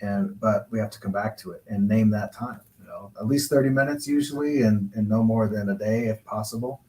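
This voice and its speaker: A male counselor gives relationship advice in a measured, reflective way. His voice sits a little low, and he takes his time explaining each point. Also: warm tone, rough recording. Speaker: guest counselor and coach. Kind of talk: calm advice-giving talk.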